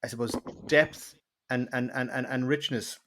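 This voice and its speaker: Host, male, mid-pitched, circling his point with many restarts. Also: steady tone, moderate pace, a bit bright. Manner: rambling, repeats words while searching for phrasing. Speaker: podcast host. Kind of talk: conversational interview.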